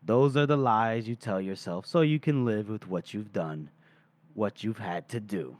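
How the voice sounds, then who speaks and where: A man's voice: on the low side, a little slow, darkish tone, pitched below the performer's own voice, lightly acted. A man voicing a weary, sardonic aging male mercenary captain, reading quoted lines from a novel in a dry, world-weary way. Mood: gentle.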